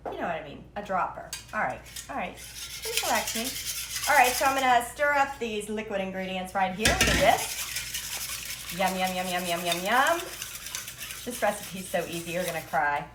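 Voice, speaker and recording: A woman's voice: medium pitch, background noise. Playful woman hosting a kitchen cooking stream. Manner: playful, chatty, breaks into silly rhymes. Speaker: cooking show host. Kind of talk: live-streamed cooking demo. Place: home kitchen. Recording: echoey kitchen with clattering dishes.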